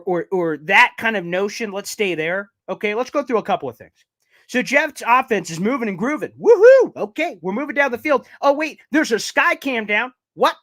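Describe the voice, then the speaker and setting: Hosting a live fan recap, this man rants and taunts in a fired-up way, his pitch leaping around and his breath a bit short. The tone is fairly bright, and the recording is dry.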